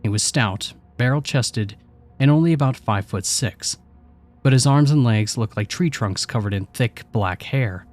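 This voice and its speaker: A man narrating a scripted horror story in a steady, measured way. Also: mid-range voice. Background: faint music.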